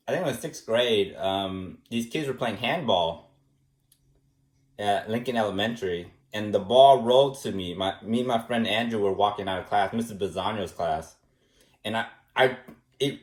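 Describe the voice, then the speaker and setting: Rambling man in an echoey room. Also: mid-range voice. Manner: rambling, repetitive, shrugging off, soft dismissive retorts. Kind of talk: casual personal monologue. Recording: roomy echo.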